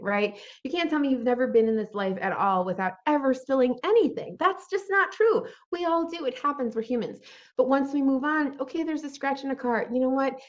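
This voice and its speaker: A woman giving an earnest motivational talk, who keeps checking in with her listeners by asking "right?" and acts out her inner thoughts in quick bright bursts. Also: sits high, highs cut off. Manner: earnest, encouraging, often asks "right?". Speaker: motivational speaker.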